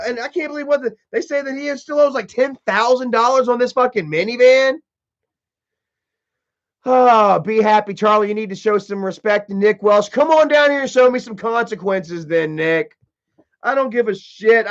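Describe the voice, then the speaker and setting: Male live streamer, high voice, aggressive profane rant, muffled low-fi stream audio.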